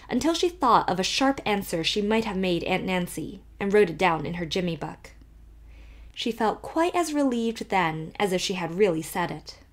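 A woman reading a classic novel aloud as an audiobook narrator, steady and expressive. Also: on the low side. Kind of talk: scripted narration.

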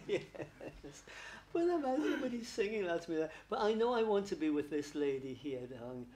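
A man's voice: high-pitched, very animated, moderate pace, a little mellow, a little hiss or hum. A man working as a medium at a spiritualist church service, chatty and affectionate, laughing often and calling listeners darling. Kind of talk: spiritualist church platform reading.

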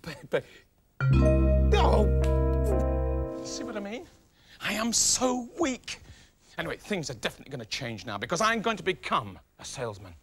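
A man's voice: high voice, big pitch swings, moderate pace, pauses often, over music. A man presenting a children's comedy show, talking in a flustered, pleading, comic way. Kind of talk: sitcom comedy acting.

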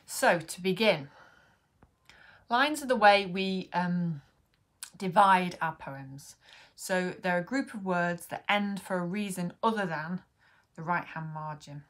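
A woman teaches beginners about poetry in a friendly, explanatory way, pausing on frequent ums. Her voice sits a little low for a woman. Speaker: poet and workshop host. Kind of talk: online poetry lesson to camera.

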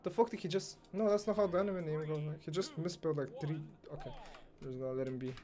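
A young man commentating on his own gameplay, excitable and foul-mouthed, swinging from muttering to yelling and ranting. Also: on the high side, quick pace, a crowd in the background. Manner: excitable, swears, rants, swings from mumbling to yelling. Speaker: gamer streamer.

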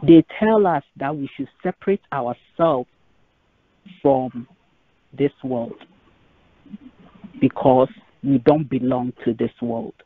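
A woman's voice: rumbling low, animated, takes it slowly, pauses often, husky. A woman preaching a sermon to a conference call, stressing and repeating key phrases. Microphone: phone on a conference line. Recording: tinny phone line.

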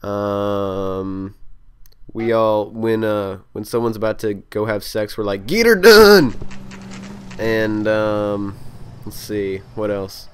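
A man's voice: lowish voice, monotone, takes it slowly, clear, resonant tone. A young man from Texas with a Texan accent, joking crudely and chatting to viewers while playing a game. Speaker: gameplay commentator. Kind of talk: casual let's play commentary.

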